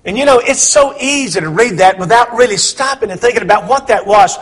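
A man preaching a sermon, swinging between hushed, low lines and loud, emphatic questions. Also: animated, a little fast, slightly rough.

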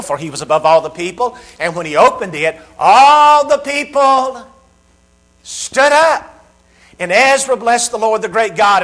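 High-voiced preacher, lively storytelling. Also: male voice. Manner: storytelling with acted-out voices and humor. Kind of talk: sermon.

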